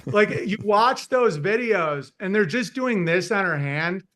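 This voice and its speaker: A man talking casually as a podcast guest, rambling and animated, often breaking into mocking impressions and laughing at his own jokes. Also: high-pitched, a little slow. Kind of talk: casual chat.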